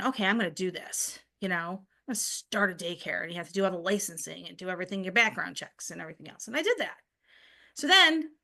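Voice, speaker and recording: Bright-voiced woman telling personal stories. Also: medium pitch. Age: middle-aged. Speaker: podcast co-host. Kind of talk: casual chat.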